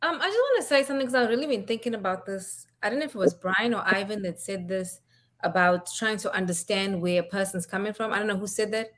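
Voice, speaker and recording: A woman's voice: mid-range voice, fast talker, fairly bright tone. A woman co-hosting a podcast in casual discussion, speaking bluntly and swearing freely as she makes her case.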